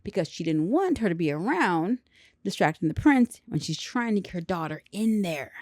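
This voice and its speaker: A woman casually recapping a film with lots of slang and quick acted-out character lines. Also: fairly low pitch, very animated, a little mellow, dry recording, studio quality. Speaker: movie reviewer.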